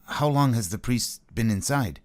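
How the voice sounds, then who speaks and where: A man's voice: medium pitch, animated, normal speed, lightly acted. A man reading the part of a tough former detective turned deacon in his fifties, blunt and dry. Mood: unfazed. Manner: blunt, dry, terse comebacks. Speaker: actor in a scene reading. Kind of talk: staged script reading.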